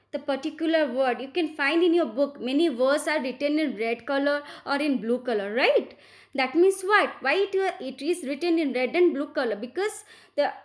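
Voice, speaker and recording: A high-voiced female teacher with an Indian English accent patiently guides her students through slides. She repeats key points and keeps checking in by asking "right?".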